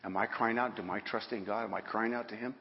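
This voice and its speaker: A man's voice: on the low side, fairly even intonation, fast talker, creaky. Folksy preacher man in a reverberant hall. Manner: folksy, rising to emphatic bursts. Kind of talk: sermon. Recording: dull sound in a hall with long reverb.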